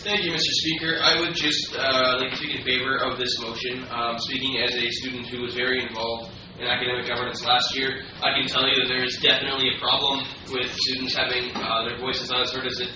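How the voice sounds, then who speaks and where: A man's voice: mid-range voice, level tone, fairly quick, hardly any pauses, muffled recording. A student vice president, a man, speaking earnestly in favor at a meeting. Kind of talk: meeting debate. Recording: distant, echoey, noisy room.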